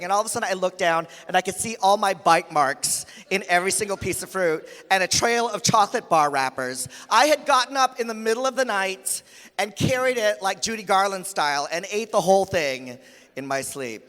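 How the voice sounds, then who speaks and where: Man, stand-up comedy emcee, high voice, big swooping delivery, echoey conference hall. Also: moderate pace. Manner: animated, acts out quoted voices. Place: large conference hall stage.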